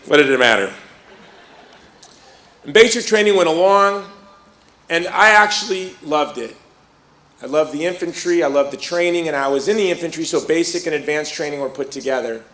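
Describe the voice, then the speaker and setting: A man's voice: fairly high pitch, roomy sound. A middle-aged man from Chicago telling a personal story to a live audience, acting out the people he quotes. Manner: lively storyteller who acts out quoted voices. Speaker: speaker.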